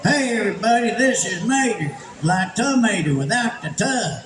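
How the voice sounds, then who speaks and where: A man's voice: sits high, animated, normal speed, fairly bright tone, distant mic. A man voicing a friendly, folksy male tow truck with a drawling hick twang. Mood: cheerful. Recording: echoey venue with background noise.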